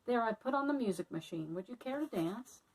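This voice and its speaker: A woman's voice: on the high side, lively intonation, brisk, recorded from a distance, rough recording. A woman reading aloud who voices a showy female city mouse in a lofty, grand manner. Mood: breezy.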